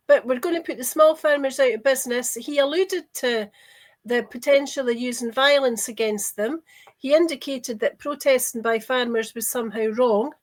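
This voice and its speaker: A woman co-hosting a political discussion, talking in an indignant, emphatic way and slowing down to stress her points. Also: high-pitched. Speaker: panel co-host.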